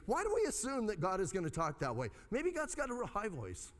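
Animated male preacher in a reverberant hall. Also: a little fast. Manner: animated, conversational preaching with dramatic pitch swings. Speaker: pastor. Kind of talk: sermon.

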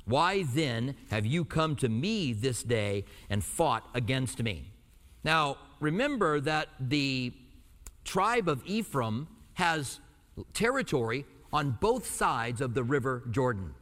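A pastor from Albuquerque teaching verse by verse, reading scripture slowly and then explaining it in a conversational way with light jokes. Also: male voice, mid-range voice, big pitch swings, fairly bright tone. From Albuquerque, New Mexico. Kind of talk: verse-by-verse sermon. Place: church in Tucson. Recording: hall reverb.

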